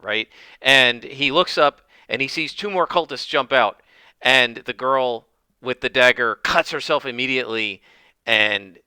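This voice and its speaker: A man's voice: mid-range voice, pushed and bright, clear, resonant tone, dry recording, studio quality. A man narrating a solo tabletop game and thinking aloud as he goes, with many fillers.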